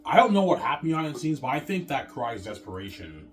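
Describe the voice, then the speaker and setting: A man's voice: medium pitch, very animated, quick pace. A man in a casual rant to his viewers, rambling and stammering, repeating the same filler words and swearing often. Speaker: vlogger.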